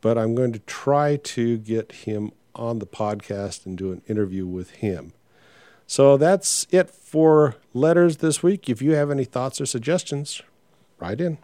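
A man's voice: mid-range voice, lively intonation, unhurried, warm tone, no room sound. An older man hosting a podcast, talking in a frank, rambling way with many filler sounds. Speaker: podcast host. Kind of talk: casual podcast monologue.

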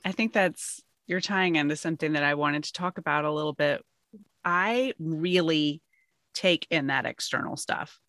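A woman's voice: sits low, normal speed, a bit bright, no room sound, studio quality. A woman hosting a podcast conversation, speaking openly and reflectively as she asks her guest questions.

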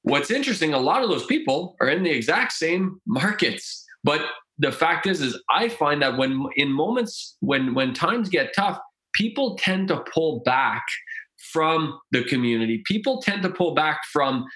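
A man's voice: fairly high pitch, very animated, moderate pace, sharp tone, low-quality recording. A man with a Canadian accent, a guest on a podcast, talking earnestly with stumbling restarts. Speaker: podcast guest, real estate investor. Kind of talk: casual conversational interview.

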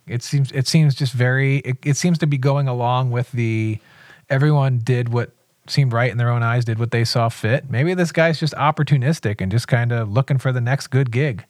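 A man with a mid-range voice talks through scripture on a podcast as a pastor. He gets animated and acts out the people he quotes. The recording is dry and close. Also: mid-range voice, brisk, dry recording. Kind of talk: podcast Bible discussion.

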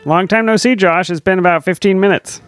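A man's voice: sits high, fairly quick, smooth, no echo, faint music behind. A man co-hosting a podcast, chatting casually and laughing easily. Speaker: podcast co-host. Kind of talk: casual chat.

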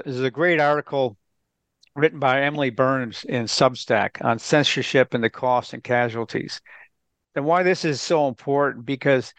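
A man's voice: mid-range voice, fairly bright tone, dry recording. A man, a guest commentator on a talk radio show, making his case in an emphatic, lecturing way and ticking off points in lists.

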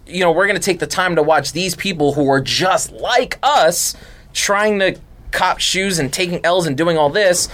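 A man chatting on a casual podcast in a slightly higher-than-average voice. He talks in a relaxed, conversational way. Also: normal speed. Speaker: podcast co-host.

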